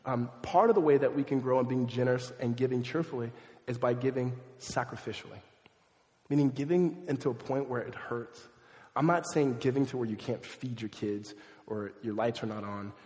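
Animated man preaching in an echoey hall. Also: mid-range voice, moderate pace. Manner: conversational, animated, self-deprecating asides. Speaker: pastor. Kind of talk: sermon. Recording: echoey hall, long reverb.

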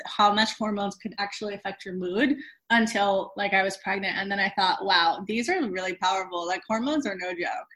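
A woman talks about relationships in a casual interview, coaching couples. Her voice is bright and forward, and her talk is quick and chatty, full of fillers. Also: mid-range voice.

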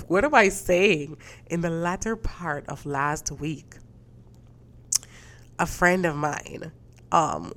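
Low-voiced woman, casual and rambling. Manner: rambling, with frequent restarts and laughs. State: stuffy-sounding. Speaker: podcast host. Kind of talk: casual solo podcast chat.

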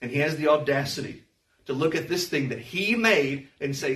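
A man teaching through a Bible chapter to a congregation, reading verses and asking rhetorical questions, sometimes rising to a shout. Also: high voice, expressive, moderate pace, recorded from a distance. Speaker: pastor.

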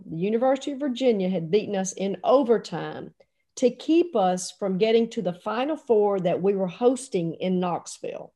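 A woman telling a lively personal anecdote, acting out the dialogue as she goes. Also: mid-range voice. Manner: animated, lots of quoted dialogue. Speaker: storyteller recalling a coaching trip. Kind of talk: anecdotal storytelling.

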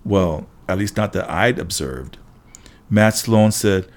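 Guy reading a story out loud, first person, lowish voice, wry and lively. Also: measured pace. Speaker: audiobook narrator. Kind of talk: first-person audiobook narration.

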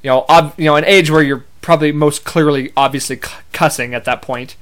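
Guy hosting a podcast, kinda higher pitched, rambles and corrects himself, casual swearing. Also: steady tone, a little fast, a bit bright, clear, resonant tone. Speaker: podcast host. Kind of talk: casual storytelling monologue.

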